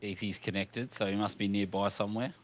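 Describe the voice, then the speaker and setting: A man telling stories in casual chat during a sim racing stream, animated and full of swearing. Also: on the low side, fairly quick, lo-fi sound. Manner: animated, profane storyteller.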